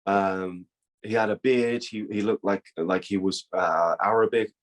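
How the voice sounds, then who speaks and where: Young guy telling a creepy story, cussing a lot, fairly low voice, doing the voices of people in it. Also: unhurried. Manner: profane, animated, acts out quoted dialogue. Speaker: guest. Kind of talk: casual storytelling.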